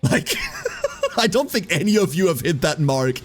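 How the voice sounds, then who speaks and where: A man's voice: a little high, big pitch swings, a little slow, faint music behind. A man chatting casually on a live stream while playing a game, swearing freely and laughing often.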